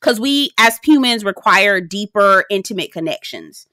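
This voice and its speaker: A woman, sassy and animated, recapping a reality show in a casual vlog, swearing freely. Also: normal speed, no room sound, studio quality. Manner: sassy, animated, swears freely, slips into high-pitched impressions.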